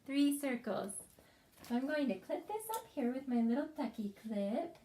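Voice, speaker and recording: A woman teaching a preschool craft lesson, speaking slowly, gently and encouragingly to young children as they follow along. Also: sits high, animated.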